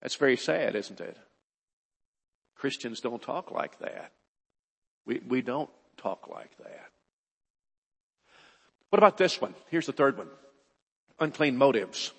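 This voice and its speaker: Male preacher, husky, mid-pitched, earnest with emphatic bursts; reverberant church hall. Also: expressive, takes it slowly, pauses often. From United States. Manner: earnest, repeats words, rises to emphatic bursts. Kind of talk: sermon.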